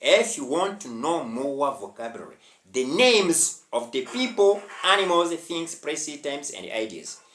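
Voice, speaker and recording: Man, teacher, casual home lesson, repetitive urging, slightly high voice, echoey room. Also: very animated, measured pace, a bit bright. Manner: repetitive, exhorting, frequent tag questions. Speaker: English teacher. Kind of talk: casual spoken English lesson.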